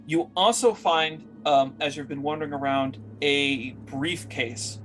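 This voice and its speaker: A man's voice: fairly high pitch, unhurried, a bit bright. A man narrating as game master for a tabletop game, rambling with many fillers as he searches for words.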